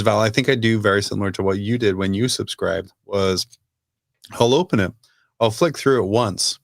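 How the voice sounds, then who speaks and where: Male podcast host, low voice, asks questions, dry mic. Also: no echo. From United Kingdom. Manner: leads the discussion with questions. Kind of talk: casual chat.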